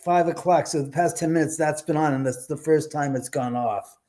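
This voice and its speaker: A man in his sixties from Los Angeles, speaking with a fairly high voice. He tells his story in a lively, animated way and acts out the quoted dialogue. He sounds like a podcast guest on a remote call from home. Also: normal speed. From Los Angeles, USA. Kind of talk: casual storytelling.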